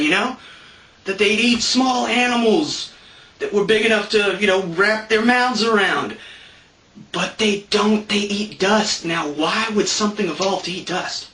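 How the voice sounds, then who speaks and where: A man's voice: high voice, bright, forceful tone. A man giving a sarcastic, mock-earnest satirical stand-up monologue, chatty and full of fillers. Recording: roomy sound from a distant mic.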